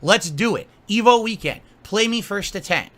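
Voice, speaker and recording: A man with a high, bright, forceful voice tears into someone in a profane rant. He scolds and mocks as he goes, stacking insult on insult. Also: expressive, moderate pace. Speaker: streamer. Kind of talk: angry rant to camera.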